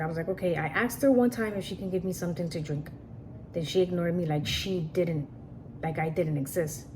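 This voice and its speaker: A woman with a low voice tells a personal story casually and earnestly over a noisy background. She repeats herself, often restarts sentences, and says "like" a lot.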